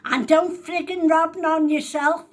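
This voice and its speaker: A woman voicing a cranky, deaf elderly woman who snaps sharp, bossy orders. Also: high voice, normal speed, pitched above the performer's own voice, lightly acted. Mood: suspicious.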